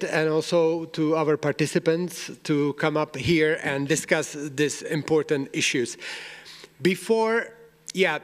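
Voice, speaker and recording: A man's voice: fairly high pitch, fairly bright tone. Man hosting in an echoing hall. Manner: light joking, loose phrasing. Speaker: conference host. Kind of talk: event announcements. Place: conference hall. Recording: long reverb of a conference hall.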